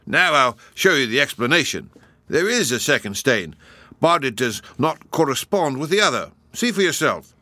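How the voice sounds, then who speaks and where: A man's voice: mid-range voice, sing-song, moderate pace, bright, forceful tone, dry recording, voice pushed up. A man voicing a brusque, self-important police inspector. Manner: brusque, pompous.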